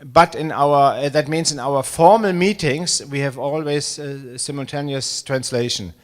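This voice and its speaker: Speaking English with a German accent, this space agency director in his sixties gives a live public talk at a normal speed in a mid-range voice. He comes across as hesitant and self-deprecating, with plenty of fillers and restarts.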